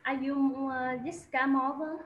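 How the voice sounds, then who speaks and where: A woman's voice: sits high, flat delivery, normal speed. A woman acting as a doctor in a medical role-play, hesitant and full of fillers. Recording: muffled, roomy, faint background noise.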